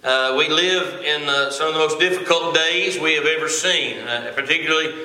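A man in his forties preaching from a pulpit in a folksy, halting way, often pausing on filler sounds. His voice is very bright and ringing. It echoes through the church sanctuary with a long reverb tail. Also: on the high side. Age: 40s. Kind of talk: sermon with a joke opener.

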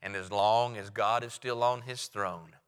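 Male preacher, low-set voice, clear and ringing, storytelling sermon in a reverberant hall. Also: steady tone, measured pace, a bit bright. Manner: retells a story with quoted dialogue, then preaches.

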